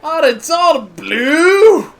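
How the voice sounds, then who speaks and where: A man voicing a surly, burly male dwarf who talks loudly in a folksy dialect. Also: very high-pitched, very animated, very slow, vocal fry, pitched above the performer's own voice, exaggerated voice. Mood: boisterous. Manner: loud, folksy dialect with "me" and "wee".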